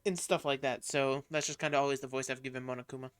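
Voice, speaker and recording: A woman's voice: rumbling low, fairly even intonation, fast talker, smooth. A woman streaming a game and chatting casually, candid and swearing now and then. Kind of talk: casual gameplay commentary.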